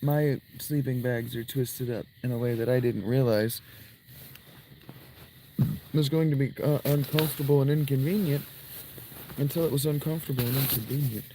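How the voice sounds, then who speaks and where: A man's voice: medium pitch, moderate pace, pauses often, warm tone, a little hiss or hum, low-quality recording. A man chatting casually to his livestream viewers from inside a tent outdoors, rambling and making crude jokes. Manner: crude, joking, rambling asides to chat. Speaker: live streamer.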